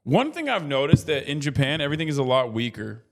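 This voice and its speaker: A man's voice: mid-range voice, big pitch swings, quick pace. A man in his thirties streaming casual political commentary, ranting with heavy profanity.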